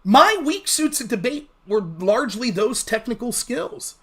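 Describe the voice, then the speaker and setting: A man hosting a casual livestream, talking fast with a blunt, profane manner. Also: very high voice, sing-song. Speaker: livestream host.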